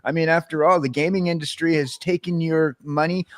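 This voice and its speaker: A man's voice: fairly high pitch, fairly even intonation, a little fast, dry recording. Teasing, ranting man on a podcast. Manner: teasing, ranting, hesitant uh fillers. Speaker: podcast co-host. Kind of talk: casual chat.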